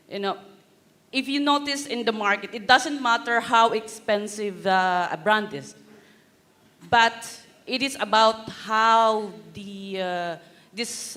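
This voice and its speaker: Bright, crisp panelist voice, uneven loud-soft delivery, long hall reverb. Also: medium pitch. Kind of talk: conference panel answer. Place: conference hall.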